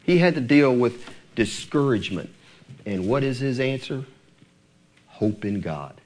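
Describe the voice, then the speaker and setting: Animated preaching man, lively pitch. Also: unhurried, a little hiss or hum. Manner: animated preaching with rhetorical questions to the congregation. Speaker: pastor. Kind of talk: sermon.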